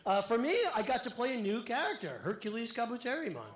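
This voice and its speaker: A man's voice: very high-pitched, very animated, quick pace, very noisy. Male voice actor, joking panelist, echoey convention hall. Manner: joking, self-deprecating. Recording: echoey hall with loud crowd.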